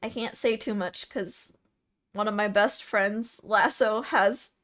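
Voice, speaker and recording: A woman's voice: medium pitch, steady tone, slow, fairly bright tone. A young woman with a Californian accent chatting casually on a live stream, reading out and answering comments, often laughing and restarting her words. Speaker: VTuber streamer.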